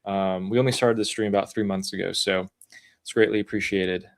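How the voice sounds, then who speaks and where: A man co-hosting a casual livestream, reading out viewer messages and thanking supporters with quick asides. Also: sits low, gravelly. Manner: relaxed, reads messages aloud with quick asides. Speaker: livestream co-host. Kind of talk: casual livestream chat reading super chats.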